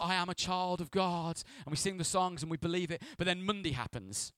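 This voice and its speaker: A man preaches with lively, animated delivery, slipping into quiet asides and then rising to loud, playful peaks. His voice sits somewhat high, and the recording is close and dry with little room sound. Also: normal speed, hardly any pauses, no echo. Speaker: pastor. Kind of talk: sermon.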